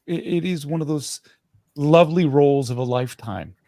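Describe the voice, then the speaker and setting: Earnest, animated middle-aged Canadian man. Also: a little high, moderate pace, gravelly, dry recording, clean studio sound. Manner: earnest and animated, frequent restarts. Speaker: guest actor. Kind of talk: casual interview chat.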